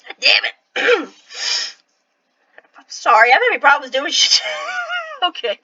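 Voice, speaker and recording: A woman in her thirties chatting casually over a game, swearing, clearing her throat and apologizing along the way. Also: extremely high pitch, wildly swooping pitch, slow pace, pauses often, sharp tone, dry recording, highs cut off. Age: 30s. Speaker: let's play host. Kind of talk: casual gameplay commentary.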